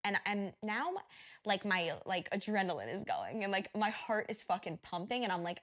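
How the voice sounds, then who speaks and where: A woman co-hosting a podcast, casually telling a story in an animated, profane way and acting out what people said. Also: medium pitch, fairly quick. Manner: animated retelling, profane, acts out quotes. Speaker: podcast co-host.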